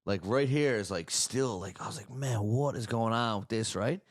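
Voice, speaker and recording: A man's voice: fairly low pitch, moderate pace, no room sound, studio quality. A man telling a story in casual chat, often ending his sentences with a tag question. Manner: relaxed, tags sentences with "right?". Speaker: podcast host.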